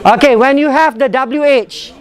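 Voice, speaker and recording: In a workshop classroom, a Malaysian man with an extremely high voice and a British-leaning English accent teaches a pronunciation lesson at a moderate pace, demonstrating intonation. He is animated and demonstrative, mixing in Malay phrases, while a faint crowd can be heard.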